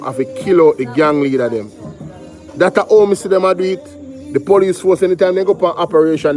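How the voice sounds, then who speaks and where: A man with a Jamaican accent and a fairly high voice, talking heatedly on a casual livestream. He piles up rhetorical questions and breaks off to shout out his viewers, while faint music plays behind him. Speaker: livestream host.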